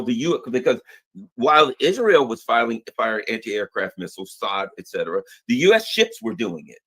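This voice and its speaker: A man's voice: fairly low pitch, fairly bright tone. A man rambling through political commentary with many restarts.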